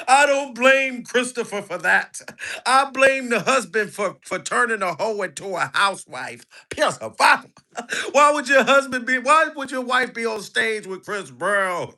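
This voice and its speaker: A man giving mocking, animated comic commentary on a clip and pushing viewers to like the video. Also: very high voice, vocal fry. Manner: animated, mocking, begs for likes. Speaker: commentary vlogger.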